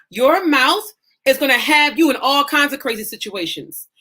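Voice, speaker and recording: A woman's voice: sits high, bright, forceful tone. A woman life coach giving a live-streamed coaching lesson, talking in an emphatic, folksy, preacher-like way. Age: adult mother.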